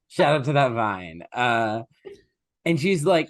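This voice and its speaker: A podcast co-host retells a classic fairy tale in loose, chatty fashion, his voice sitting at an ordinary middle pitch. He keeps slipping into quick put-on voices for the characters and laughs along the way. The recording is dry and close to the mic. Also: very animated, no room sound. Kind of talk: casual chat, retelling a story.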